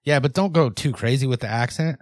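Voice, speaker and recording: A man co-hosting a comedy podcast, talking in a deadpan, mock-serious way with lots of fillers. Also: medium pitch, brisk, no room sound. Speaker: podcast co-host. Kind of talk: casual comedic podcast chat.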